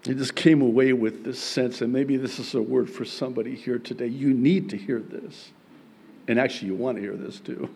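A man preaching a sermon as pastor, earnest, moving between soft passages and emphatic ones. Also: mid-range voice, steady tone, a little fast, vocal fry, husky.

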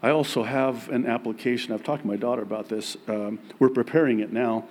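A pastor in his forties preaching a sermon in a church, emphatic and joking, with big swings in pitch. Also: fairly even intonation, brisk, darkish tone.

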